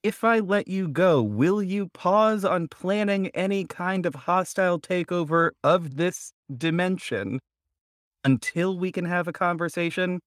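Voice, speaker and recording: A man's voice: high-pitched, measured pace, no echo, clean studio sound. A man playing a tabletop game, talking bluntly with some swearing. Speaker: player.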